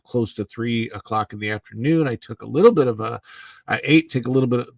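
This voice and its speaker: A middle-aged man hosts a relaxed livestream from home and chats through viewer comments. He sounds sleepy, unhurried and rambling, with plenty of fillers. His voice sits at a middling pitch with a gravelly edge and is recorded dry on a close clip-on mic. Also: no room sound. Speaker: livestream host. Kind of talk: casual livestream chat, reading viewer comments. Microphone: clip-on mic under his face.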